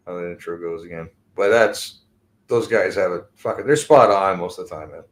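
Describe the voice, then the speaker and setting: A Canadian man hosting a podcast, high and rambling in casual, profane chat with frequent laughs. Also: moderate pace, pauses often.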